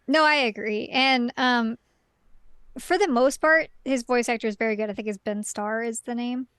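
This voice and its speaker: A woman's voice: a little high, fairly even intonation, moderate pace, fairly bright tone, smooth, no echo, studio quality. A woman chatting casually as a podcast guest, giggling and acting out her own reactions.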